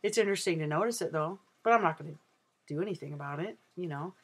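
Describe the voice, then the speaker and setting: With a husky, fairly bright voice pitched a little high, a trans man talks in his personal video diary, candid and in no rush, wandering from thought to thought and filling gaps with many ums and uhs.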